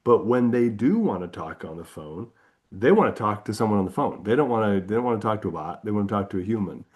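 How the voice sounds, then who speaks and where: A man hosting a podcast, asking questions casually with halting restarts. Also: fairly low pitch, lively intonation, a little mellow. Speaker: podcast host. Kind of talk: conversational interview.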